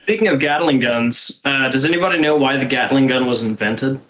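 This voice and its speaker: A man rambles through an explanation in a casual online chat, stumbling over restarts. His pitch is middling. The call sounds roomy. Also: a little fast, fairly bright tone. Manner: rambling, with false starts and laughs. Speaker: writers' group member. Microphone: computer mic on a voice call.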